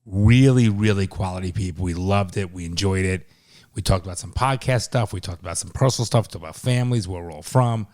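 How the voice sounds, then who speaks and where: A man's voice: low voice, a little fast, darkish tone. A man co-hosting a podcast in casual chat, often chiming in with short repeated agreements. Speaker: podcast co-host.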